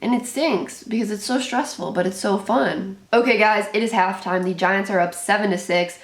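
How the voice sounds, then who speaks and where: A woman's voice: mid-range voice, moderate pace, reverberant. A young woman hosting a live reaction to a football game, anxious and exclaiming, often repeating herself. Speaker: sports channel host reacting live.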